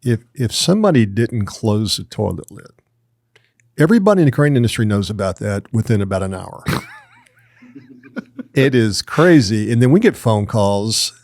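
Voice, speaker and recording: A man hosting a podcast, chatting in a relaxed, conversational way. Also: fairly low pitch, normal speed, pauses often, no room sound. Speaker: podcast host. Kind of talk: casual chat.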